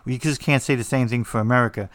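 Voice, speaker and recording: A man's voice: medium pitch, steady tone, fast talker, a bit bright, no room sound. A man with a New Jersey accent, teaching about writing in a blunt, rambling, joking way with lots of fillers. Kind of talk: casual monologue.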